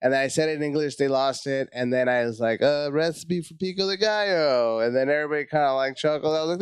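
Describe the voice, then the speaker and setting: Man, comedian guest; animated, profane storytelling, dry close sound. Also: fast talker, few pauses, smooth, no echo. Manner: animated, profane, acts out his own panic in high voices. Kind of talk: casual storytelling chat.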